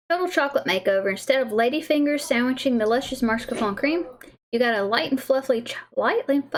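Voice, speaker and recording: A woman with a fairly high-pitched, brisk voice hosts a casual livestream where she tastes snacks. She's bubbly and giggly, and she trips over words when reading aloud.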